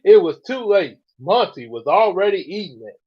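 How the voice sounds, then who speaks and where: A man reads his own novel aloud, stopping for casual asides. His pitch swoops around in a lively way. The recording sounds dull and lo-fi. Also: moderate pace, breathy edge. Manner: animated, laughs often, quiet asides.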